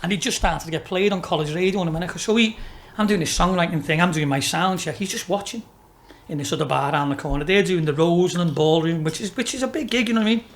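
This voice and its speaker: A man talks in a loose, storytelling way on a podcast. His voice sits high for a man, and he swears freely and laughs through his anecdotes. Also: quick pace, slight background noise. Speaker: racehorse owner and businessman, podcast guest. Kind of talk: casual storytelling interview.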